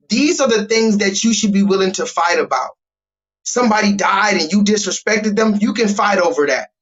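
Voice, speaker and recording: A man hosting a livestream, ranting loudly and bluntly with lots of profanity while talking to his chat. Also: high voice, moderate pace. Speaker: livestream host. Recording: dull lo-fi stream audio.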